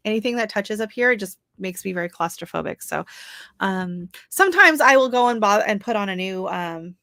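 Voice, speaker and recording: Woman, livestream host, chatty, laughs a lot, reads out chat, bright forceful voice, dry close sound. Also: mid-range voice, animated, a little fast, creaky, dry recording. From Canada. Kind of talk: casual livestream chat with viewers.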